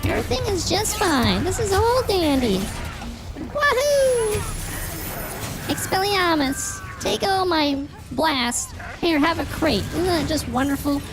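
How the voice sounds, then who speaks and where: A man putting on a silly high voice while streaming a game, pretending it is his normal voice. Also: lively intonation, slow pace, loud music behind the voice, exaggerated voice. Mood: mock-innocent. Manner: silly, singsong, mock-innocent. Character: goofy high-pitched put-on voice, insisting it is normal.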